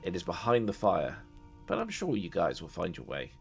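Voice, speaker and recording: A man's voice: sits low, wildly swooping pitch, moderate pace, vocal fry, faint music behind. A man narrating a tabletop game as dungeon master, casual and rambling. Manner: rambling, many fillers and restarts.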